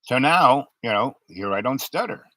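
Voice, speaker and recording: An older man hosting his own talk show, talking in a rambling, halting way with many fillers. His voice sounds unusual because of an old throat injury. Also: mid-range voice, lively intonation, a bit bright, no echo, poor audio. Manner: halting, many fillers and restarts, stutters under strain. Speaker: show host. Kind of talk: rambling monologue.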